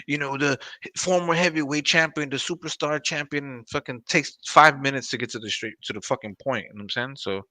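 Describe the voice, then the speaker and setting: A man's voice: medium pitch, a little fast, pushed and bright, dry recording. A man co-hosting a boxing talk show, chatting casually in a rambling, profane way with lots of fillers. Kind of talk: casual chat.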